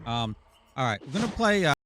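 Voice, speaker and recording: A man's voice: mid-range voice, sing-song, a little fast, background noise. A man hosting a live game stream, chatting casually and teasing his viewers in a playful way. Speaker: live-stream gamer host.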